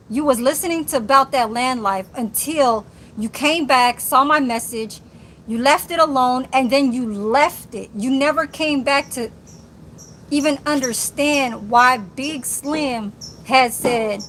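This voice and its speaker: A woman with a high voice tears into a critic on her live stream, heavy with profanity and confrontational. She speaks straight at the person she's addressing, with a faint hum of noise behind her. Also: a bit bright. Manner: profane, combative, addresses viewer directly. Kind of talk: angry live-stream rant.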